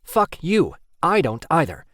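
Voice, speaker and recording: Man playing a snappish dragon guy, defensive, raised pitch, dry sound. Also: wildly swooping pitch, normal speed, darkish tone, no room sound, full character voice. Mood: irritated. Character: prickly male dragon shifter, quick to anger.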